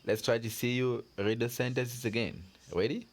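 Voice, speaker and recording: A man's voice: medium pitch, fairly even intonation. A man teaching French pronunciation to learners, repeating words and giving patient encouragement. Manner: drills words slowly with repetitions. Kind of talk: slow pronunciation lesson.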